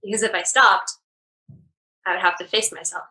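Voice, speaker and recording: A woman talking as an interview guest, her voice bright and crisp at a mid pitch. She speaks candidly and reflectively, her sentences loose and full of casual fillers. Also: fairly even intonation, moderate pace, poor audio. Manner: candid, laughs easily, many "like" fillers.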